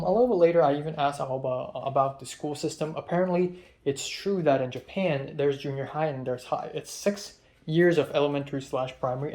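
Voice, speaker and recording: A man's voice: fairly high pitch, a little mellow. A young man from Hong Kong talking through his day in a rambling, casual diary vlog, full of fillers. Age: young adult. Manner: rambling, chatty, many fillers. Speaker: film student vlogger.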